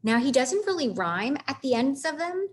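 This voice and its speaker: A woman teaching a casual literature lesson, chatty and animated, stopping to read lines of verse aloud with heavy stresses. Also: high voice, moderate pace. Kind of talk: casual classroom lecture on literature.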